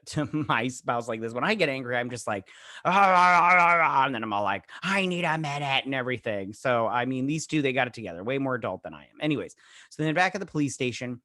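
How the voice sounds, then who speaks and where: A man's voice: mid-range voice, animated, quick pace, bright, forceful tone, no room sound, clean studio sound. A man hosting a show, casually recapping and reviewing a TV episode in a rambling way, padded with fillers and quoted character lines. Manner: rambling, filler-heavy retelling full of "he's all like" quotes; briefly acts out characters' lines in quoted bits. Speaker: show host.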